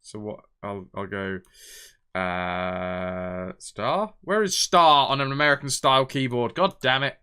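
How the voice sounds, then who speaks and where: A man's voice: medium pitch, steady tone, a little slow, bright, forceful tone, clean tone. A man, chatting casually on a live game stream, thinking aloud and reading out viewer messages.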